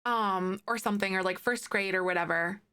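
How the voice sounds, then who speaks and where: A woman in her thirties talks a little fast in a medium-pitched voice that's bright, forceful, clear and resonant. Streaming from home in front of a green screen, she chats casually with live viewers, bubbly and giggling as she gushes over favorites.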